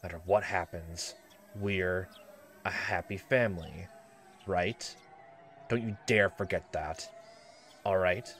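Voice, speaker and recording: A man voicing an abusive, short-tempered middle-aged uncle who snaps and shouts in a raised, higher voice. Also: expressive, normal speed, slight background noise, natural voice. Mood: menacing, low. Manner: loud, snapping, bullying.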